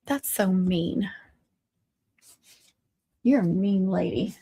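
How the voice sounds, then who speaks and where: A woman's voice: mid-range voice, extremely slow, creaky, dark tone, breathy edge, no echo, clean studio sound. A woman hosting a crafting livestream, chatting casually and teasing her viewers with frequent laughs. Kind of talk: casual live-stream chat.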